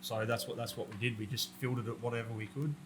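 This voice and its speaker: A man's voice: mid-range voice, steady tone, fast, noisy background. An Australian man, a podcast guest and army veteran, telling war stories in a blunt, profane, conversational way and laughing at his own tales. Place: room with a roller door.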